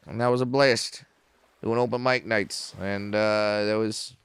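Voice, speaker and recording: A man's voice: lowish voice, steady tone, a little slow, fairly bright tone, clean tone, dry recording. A man in his forties, a comedian telling stories as a podcast guest in a small studio, joking, self-mocking and swearing freely. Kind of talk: casual podcast storytelling.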